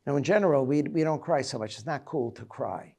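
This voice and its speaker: A rabbi in his seventies speaks at a middle pitch with a gravelly, creaky edge. His reflective holiday lecture moves haltingly as he recalls personal stories. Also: a little mellow. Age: 70s. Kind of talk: reflective Tisha B'Av lecture.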